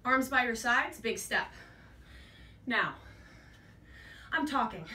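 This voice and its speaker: A woman's voice: fairly high pitch, lively intonation, slow, long pauses, bright, forceful tone. A woman fitness instructor leading a workout class, out of breath and encouraging as she counts reps while exercising. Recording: echoey room, mic at a distance.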